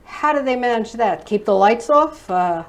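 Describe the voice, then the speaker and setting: A woman's voice: a little high, animated, moderate pace, poor audio. A woman co-hosting a casual talk show, asking blunt, provocative questions. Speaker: co-host.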